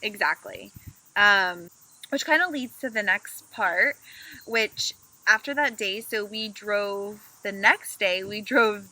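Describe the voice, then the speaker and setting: A woman co-hosting a podcast from a camper van, telling stories in a lively way and acting out her own complaints. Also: mid-range voice, takes it slowly, dry recording, poor audio. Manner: animated storytelling, acts out her own complaints. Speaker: podcast co-host. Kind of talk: casual chat.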